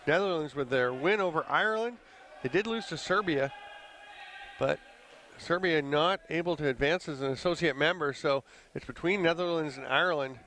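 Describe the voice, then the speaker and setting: A man calling a live lacrosse game play by play, brisk and conversational, with the odd chuckle. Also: on the high side, a bit bright, a little hiss or hum. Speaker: play-by-play commentator. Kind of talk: live sports commentary.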